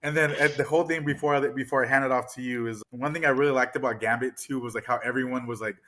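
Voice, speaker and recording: Man, movie podcast co-host; bright, forceful tone, excited and rambling, swears a lot. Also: medium pitch, fast. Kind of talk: casual movie discussion.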